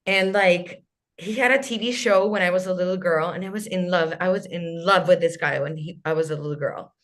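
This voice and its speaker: A woman's voice: fairly low pitch, brisk. A woman in her thirties from Chile, an English speaker, telling stories as a podcast guest on a video call, full of "like" and restarts. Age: 30s. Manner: animated storyteller, lots of "like" and restarts. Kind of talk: casual interview.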